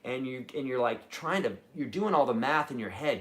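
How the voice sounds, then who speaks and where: A middle-aged man teaching guitar on a live stream and answering viewers' questions. He talks in an animated, chatty way and keeps checking in with "okay?". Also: medium pitch, moderate pace, hardly any pauses.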